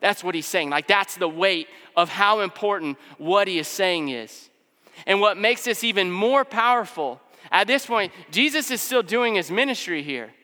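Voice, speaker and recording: A man gives a sermon with a high, bright voice, talking to the congregation in a relaxed way with fillers and asides. His tone is smooth and clear. The long reverb of a big hall trails every word. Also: moderate pace. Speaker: pastor. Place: church hall.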